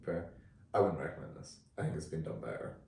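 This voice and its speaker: A man co-hosting a podcast, reviewing films in a relaxed, chatty way with frequent fillers. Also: rumbling low, fast talker, gravelly. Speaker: podcast co-host. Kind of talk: casual film review chat. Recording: roomy, distant from the mic.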